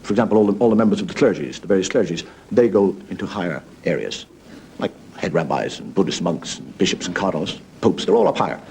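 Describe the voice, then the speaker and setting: A man's voice: low-pitched, very animated, fast talker, creaky, darkish tone, slight background noise. Wry storytelling comedian man. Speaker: stand-up comedian. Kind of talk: stand-up monologue.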